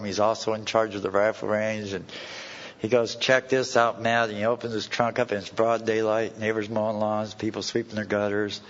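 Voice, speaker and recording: A man telling a personal story to a recovery meeting in blunt, folksy words with plain slang. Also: lowish voice. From California. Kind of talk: personal story told to a live audience. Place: meeting hall. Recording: dull old tape recording with long hall reverb.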